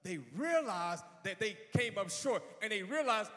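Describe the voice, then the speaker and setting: A man preaching a sermon in a church, swinging from quiet asides to shouting. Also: high-pitched, animated, moderate pace, hardly any pauses, big-room sound. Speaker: pastor.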